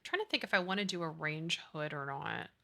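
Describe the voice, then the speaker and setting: A woman streamer chatting casually while she plays, gushing and excitable, with gasps and baby talk. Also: low-pitched, a little fast, gravelly. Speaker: game streamer. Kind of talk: casual live-stream chat while playing.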